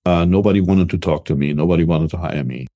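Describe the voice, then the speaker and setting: An older German business coach, accent unmistakably German, speaks energetically and confidently in a relaxed interview. His voice sits low and his pace is quick; he often doubles up words when launching into a point.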